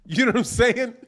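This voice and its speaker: A man with a notably high voice hosts a boxing livestream. He rants casually, swearing freely and mocking his targets in heavy slang. He breaks into laughter often. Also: fairly bright tone, slightly rough. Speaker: boxing channel host.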